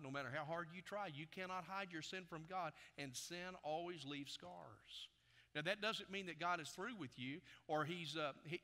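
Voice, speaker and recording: A man preaching from the pulpit, his voice pitched high and pushed with a sharp, forceful edge. He asks his listeners questions and leans hard into his emphasis. The sound rings with the long reverb of a church sanctuary. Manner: emphatic preaching that swells in loudness, asking the congregation questions. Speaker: pastor. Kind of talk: sermon.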